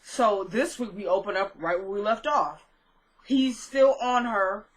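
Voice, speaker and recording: A young woman chatting through a casual recap of a TV episode, retelling scenes in an animated way with lots of fillers. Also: medium pitch, measured pace, poor audio. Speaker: TV episode reviewer.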